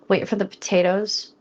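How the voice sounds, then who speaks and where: A woman's voice: medium pitch, dull audio. A young woman chatting playfully with her viewers as she cooks on a live stream, close to the mic. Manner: chatty and playful, jokes with chat, quickens when flustered. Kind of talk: casual live-stream chat while cooking. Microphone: close studio mic.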